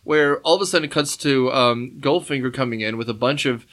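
Animated man riffing on a spy film. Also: medium pitch, fairly quick. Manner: animated, acts out gangster lines, swears casually. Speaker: podcast co-host. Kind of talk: casual film discussion.

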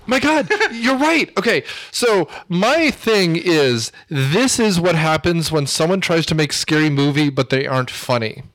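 A man with a high voice, chatting about films as a podcast co-host. He jokes and laughs a lot, recorded close and dry with no room sound. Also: animated, unhurried, few pauses, fairly bright tone, dry recording. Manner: joking, laughs often. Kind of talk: casual movie discussion.

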